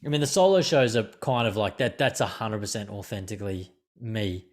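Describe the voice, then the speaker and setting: A man's voice: fairly low pitch, brisk, darkish tone. A man hosting a podcast, talking loosely and rambling in casual chat. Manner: rambling, loose, lots of fillers and restarts. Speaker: podcast host.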